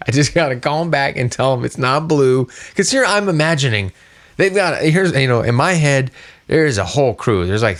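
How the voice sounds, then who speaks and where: Middle-aged male podcast co-host, gravelly voice, lively storyteller who acts out the other people's lines. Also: medium pitch. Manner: animated, acts out quoted voices. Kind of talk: casual storytelling chat.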